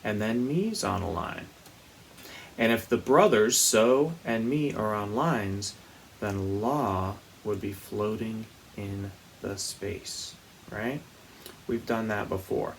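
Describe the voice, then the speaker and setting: A man with a creaky voice takes it slowly as he teaches young children music, gentle and patient throughout. He demonstrates vocal slides with high sung sounds, against slight background noise.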